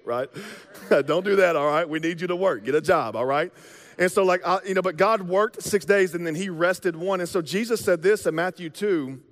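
A man preaching a sermon as pastor, in a conversational, joking way with casual slang. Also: on the high side. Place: church sanctuary. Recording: long reverb of a large hall.

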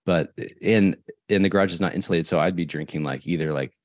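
A man's voice: low voice, fast talker, no echo, studio quality. A man co-hosting a podcast, chatting candidly and mocking himself about his past. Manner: candid, self-mocking storyteller. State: sober. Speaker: podcast co-host. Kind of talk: casual chat.

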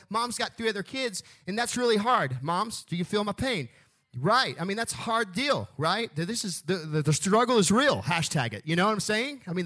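A man with a rather high voice preaching a sermon in a church. He talks emphatically, slows right down on key phrases and leads the congregation in call-and-response. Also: a bit bright. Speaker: pastor. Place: church sanctuary.

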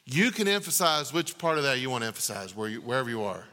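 A man preaching a sermon in a large church, emphatic, asking rhetorical questions and swinging from loud to hushed. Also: mid-range voice, big pitch swings, fast. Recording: long reverb of a large hall.

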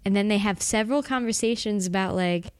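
Woman, podcast co-host, smooth clear voice, dry close sound, chatty. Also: medium pitch, brisk, no room sound. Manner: chatty, acts out quotes. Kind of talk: casual chat about manga.

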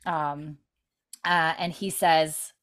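A woman's voice: low voice, fairly even intonation, very slow, a bit bright. A young woman host chatting casually, retelling a TV episode in a rambling way full of "like" and "you know". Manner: rambling, filler-heavy retelling with many "like"s. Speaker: podcast host recapping a TV episode. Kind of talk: casual chat.

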